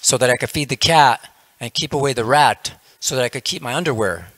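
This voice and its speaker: A man's voice: medium pitch, fairly quick, a bit bright, no room sound, natural voice. A man voicing a fussy, easily exasperated yogi who grumbles about being put upon.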